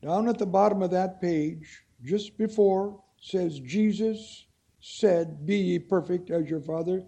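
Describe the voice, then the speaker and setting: Slow husky preacher man. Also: sits high, mellow. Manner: slow, deliberate reading of texts, rising to emphatic stresses. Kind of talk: sermon Bible study.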